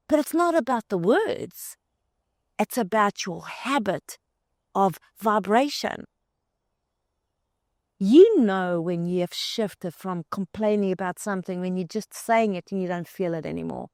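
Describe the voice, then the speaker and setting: A woman's voice: medium pitch, gravelly, darkish tone, dry recording, clean studio sound. Woman giving an emphatic motivational talk. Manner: emphatic, repeats words in long strings; addresses the listener directly as "you". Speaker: host.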